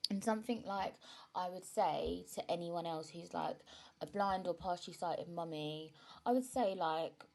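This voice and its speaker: A woman's voice: fairly low pitch, moderate pace, vocal fry, darkish tone. A young woman hosting a solo podcast, talking frankly and chattily, and emotional today. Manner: frank and chatty, often asks "do you know what I mean". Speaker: podcast host. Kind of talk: candid solo podcast monologue.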